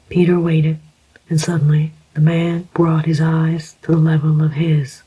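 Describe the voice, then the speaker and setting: An audiobook narrator reading a thriller in a soft, even whisper up close, as whispered role-play. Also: mid-range voice, measured pace, breathy edge, low-quality recording.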